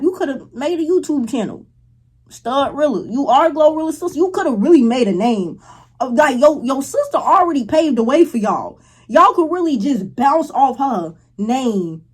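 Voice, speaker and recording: A woman's voice: high-pitched, animated, moderate pace. A woman reacting to clips in casual, slangy commentary, laughing and exclaiming. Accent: Chicago. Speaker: reaction streamer.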